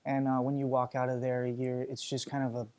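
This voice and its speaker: A young man with a mid-pitched voice talks earnestly in a casual interview. He hesitates often, filling gaps with ums and you-knows. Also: monotone, a little fast, darkish tone. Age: young adult. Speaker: stage actor.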